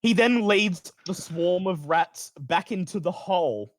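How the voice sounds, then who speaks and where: A man's voice: high-pitched, animated, a little slow, dry recording, clean studio sound. Man narrating as game master.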